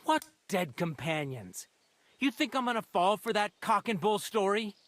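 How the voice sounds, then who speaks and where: A taunting village lout. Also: male voice, high-pitched, big pitch swings, moderate pace, fairly bright tone, no room sound. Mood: scornful. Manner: taunting, sarcastic. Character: mocking brash young male villager.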